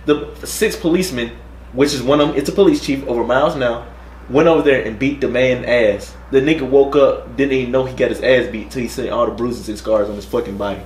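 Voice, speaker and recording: A young man chatting as a podcast co-host in an animated, profane storytelling way. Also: mid-range voice, fairly quick. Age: young adult. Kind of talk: casual chat. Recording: echoey room, faint noise.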